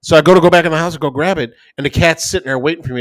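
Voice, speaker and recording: A man co-hosting a podcast, telling a profane, animated anecdote in casual chat. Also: a little high, no echo. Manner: animated, profane, fast-rambling anecdote with acted-out quotes. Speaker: podcast co-host.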